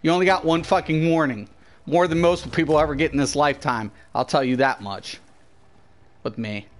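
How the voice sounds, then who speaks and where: A high-pitched young man talking straight to his chat while he plays. He swears freely and rants at viewers. His commentary is raw and profane. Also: normal speed, a little hiss or hum. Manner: profane, ranting, addressing chat. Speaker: game streamer. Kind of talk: live gameplay commentary.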